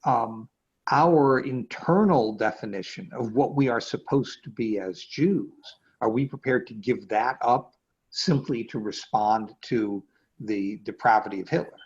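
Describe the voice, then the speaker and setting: A man teaching as a rabbi in an easygoing lecture, pausing often with fillers and restarting his phrases. His voice is somewhat husky. The video call audio comes through dull and lo-fi. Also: mid-range voice. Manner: hesitant, many fillers and restarts. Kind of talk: conversational lecture.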